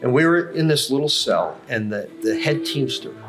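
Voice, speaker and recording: At a moderate pace and in an animated mid-range voice, an older man recounts his career at length for a podcast. He's in a coffee house with music behind him, and his casual storytelling is full of fillers and self-corrections.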